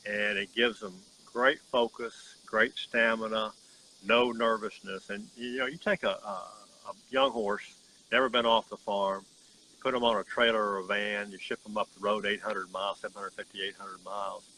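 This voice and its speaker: A man who runs a horse farm telling a story outdoors in an earnest, folksy way with halting restarts, insects chirping behind him. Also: lowish voice, flat delivery, pushed and bright, slight background noise, poor audio. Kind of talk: casual storytelling testimonial.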